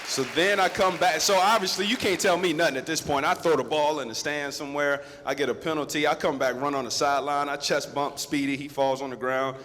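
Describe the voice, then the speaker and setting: A man in his thirties, a guest speaker at a school, telling a lively story straight to the students. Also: a little high, brisk, hardly any pauses, slight background noise. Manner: lively, conversational, addresses the crowd directly. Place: school assembly hall. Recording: long echo of a big hall.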